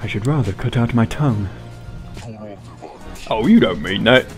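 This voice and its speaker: Uomo che fa un demone spaccone dall'accento del West Country. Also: male voice, lowish voice, expressive, moderate pace, faint music behind. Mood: taunting. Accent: West Country English. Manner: boastful, taunting drawl. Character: massive swaggering male demon, brash and mocking.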